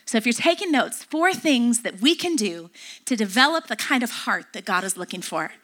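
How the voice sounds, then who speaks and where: A woman's voice: fairly high pitch, expressive, moderate pace, a bit bright. A middle-aged woman pastor preaching a sermon, emphatic and repeating key phrases.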